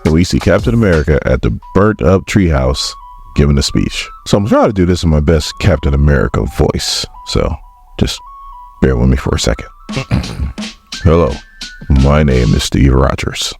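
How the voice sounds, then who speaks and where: A man's voice: very deep voice, sing-song, brisk, creaky, darkish tone, faint music behind. A man hosting a casual comic book recap, chatty and joking.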